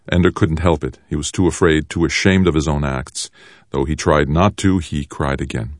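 A man reading a novel aloud as an audiobook narrator, low and even. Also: normal speed, dry recording, clean studio sound. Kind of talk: scripted narration.

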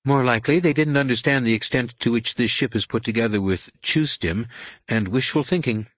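A man reading an audiobook, voicing a sharp, wry woman leader and co-pilot in a crisp, lightly raised voice. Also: mid-range voice, a little fast, no room sound, voice pushed up, natural voice. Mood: matter-of-fact. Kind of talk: audiobook character voice.

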